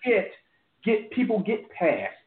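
On an echoey, phone-like line with faint music behind it, a podcast co-host chats casually in a rambling, profane way, often restarting his sentences. His voice sits high and swoops wildly in pitch, and he takes his time.

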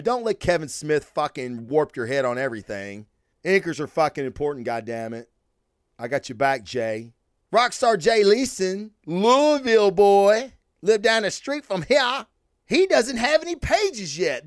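A man hosting a casual podcast, telling stories in an animated, heavily profane rant. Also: on the high side, no echo, studio quality. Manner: profane, animated storytelling with frequent swearing. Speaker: podcast host.

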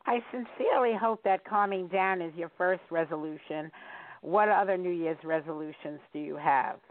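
A woman's voice: fairly low pitch, moderate pace. A woman hosting a radio show, asking her guest chatty, teasing questions. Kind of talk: casual radio chat. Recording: tinny phone-like line.

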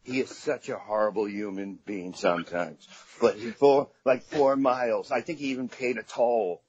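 On a dry, dull lo-fi recording, a man with a lowish voice talks at normal speed, his tone darkish and a bit breathy. He's a middle-aged guest comedian from Staten Island, New York, telling meandering, foul-mouthed stories in a relaxed podcast conversation.

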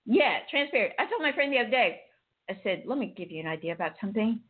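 A woman hosts a casual talk show, her voice a little husky and breathy. She tells animated stories and acts out the lines of each person in them. The sound is thin and tinny, like a phone line. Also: on the high side, fast talker. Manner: animated storyteller, acts out dialogue with laughter. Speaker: host. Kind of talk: casual chat.

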